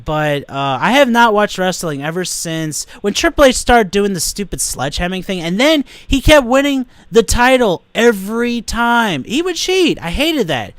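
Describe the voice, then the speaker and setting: A man hosting a casual podcast, animated and joking, swearing freely. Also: sits high, moderate pace, few pauses, dry recording, studio quality. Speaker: podcast host.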